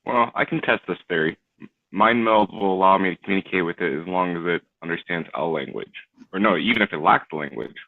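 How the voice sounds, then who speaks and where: A man speaking as a player in a tabletop game, thinking aloud deliberately. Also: deep voice, vocal fry, no room sound. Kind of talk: casual tabletop game talk. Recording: tinny phone-like line.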